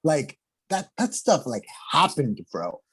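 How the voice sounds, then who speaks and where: A young adult man hosting a podcast, telling stories excitedly in slangy casual chat. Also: on the high side, takes it slowly, husky, no echo. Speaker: podcast host.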